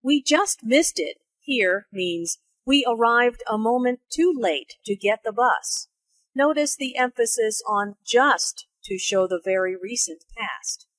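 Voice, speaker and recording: Slow, careful woman teaching English. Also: on the high side, a bit bright, no echo. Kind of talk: scripted lesson narration.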